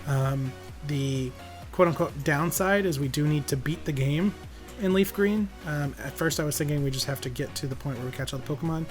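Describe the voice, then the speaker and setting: A young man casually commenting on a game stream, relaxed and rambling with many fillers. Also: a little high, moderate pace, hardly any pauses, faint music behind.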